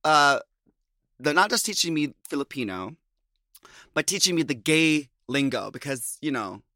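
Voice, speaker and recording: Chatty guy from minnesota hosting a podcast, bright voice, laughs a lot, dry mic. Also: a little high, moderate pace, dry recording. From USA, Minnesota. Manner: chatty, laughs often, animated asides. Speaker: podcast host. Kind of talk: casual chat.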